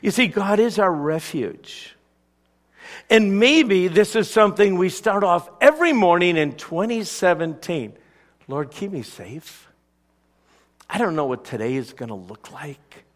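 A man preaching a sermon, spinning a story from his youth. He talks slowly and his pitch rides up and down a lot, leaping high when he quotes himself shouting. His voice sits a bit higher than most men's. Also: sing-song. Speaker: pastor.

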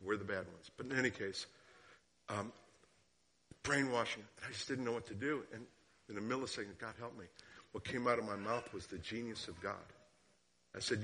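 A man preaching a sermon as guest speaker, telling a story and asking the listeners questions, sometimes dropping to a hushed tone and sometimes rising. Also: lowish voice, normal speed, long pauses, breathy edge. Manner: drops to hushed tones for story, rises for questions.

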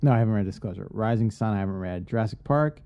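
A man co-hosting a podcast in casual chat, getting animated and swearing freely as he rants. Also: on the low side, fast talker, no room sound, highs cut off. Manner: animated, profane ranting. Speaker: podcast co-host.

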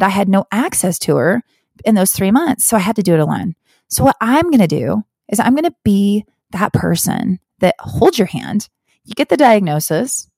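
A woman's voice: on the low side, a little mellow, dry recording, clean studio sound. A woman hosting a podcast as a health coach, talking in a candid, earnest, chatty way with lots of fillers. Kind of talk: casual podcast monologue.

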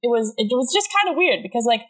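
A woman's voice: fairly high pitch, very animated, fast, low-quality recording. Chatty woman with a sick voice. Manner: rambling, many "like" fillers, musing asides. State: sick, congested voice. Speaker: podcast co-host. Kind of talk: casual recap chat.

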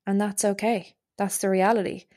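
A woman's voice: medium pitch, little pitch movement, moderate pace, a little mellow, no echo, studio quality. A young adult woman hosting a podcast, talking casually and explaining a method step by step, with many fillers. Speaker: podcast host. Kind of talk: casual self-help talk.

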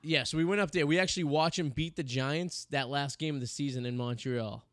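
A man's voice: on the high side, a little fast, a bit bright, no echo, clean studio sound. A man in his thirties hosting a casual podcast, telling long rambling stories full of restarts and fillers. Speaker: podcast host. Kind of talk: casual chat. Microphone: studio mic.

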